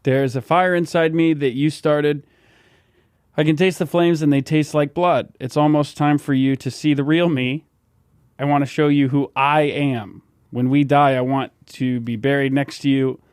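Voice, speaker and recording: A man voicing a creepy, obsessive schoolboy admirer in a comedic improv bit. He speaks in a low, hushed, menacing way and keeps repeating his questions. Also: fairly even intonation, moderate pace, smooth, no room sound, studio quality, natural voice. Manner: repeats questions with growing insistence. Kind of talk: comedic improv role-play.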